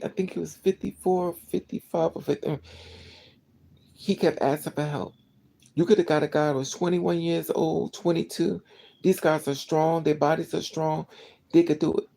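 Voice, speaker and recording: A vlogger's indignant storytelling rant with a dark, gravelly tone. The voice keeps circling back to the same phrases to hammer them home, with heavy fry on the low notes. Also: fairly even intonation, moderate pace, low-quality recording. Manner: emotional, indignant, repeats phrases for emphasis.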